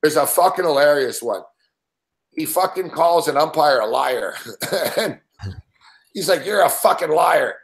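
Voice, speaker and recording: Profane, excitable male sports host. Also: fairly high pitch, a little slow, pauses often. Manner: profane, laughing, excitable storytelling. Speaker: sports betting show host. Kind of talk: casual sports chat.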